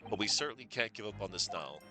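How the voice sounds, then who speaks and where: A man voicing an earnest, polite young law student who reasons aloud in measured steps, with game music behind. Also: on the low side, lively intonation.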